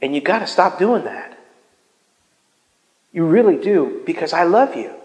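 Man doing a divine voice: hushed, low, tender, heard in a roomy hall. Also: very animated, unhurried. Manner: soft and tender. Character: gentle loving male divine voice.

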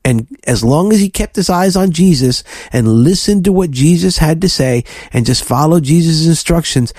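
A man co-hosting a faith podcast, preaching fervently and telling lively stories to his listeners. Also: medium pitch, no echo, studio quality. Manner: fervent, preachy, animated storytelling. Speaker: podcast co-host.

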